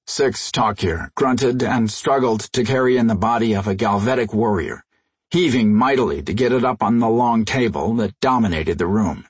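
A male audiobook narrator tells the story in a measured, husky voice of middle pitch. The studio sound is dry and close. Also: no echo. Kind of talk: scripted narration. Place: recording studio. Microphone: close studio mic.

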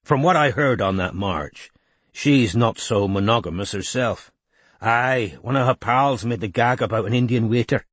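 A blunt man with a crude sense of humour and a raised, gruff voice, as a male narrator plays him. He talks bluntly, husky and dry, in an audiobook. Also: mid-range voice, normal speed, a bit bright, no echo, close to an everyday voice.

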